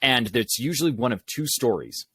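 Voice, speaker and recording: A man being interviewed on a podcast tells animated stories with quick asides. His voice sits at a middle pitch. The sound is dry and close, with little room in it. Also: husky, no room sound. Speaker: podcast guest, public speaking coach. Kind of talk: conversational storytelling.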